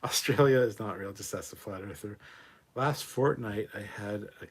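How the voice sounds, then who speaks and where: A man's voice: fairly low pitch, moderate pace, husky. A man hosting a casual livestream, joking loosely and thanking viewers by name as he reads out donations. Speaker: livestream host. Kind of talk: casual live-stream chat, reading out donations.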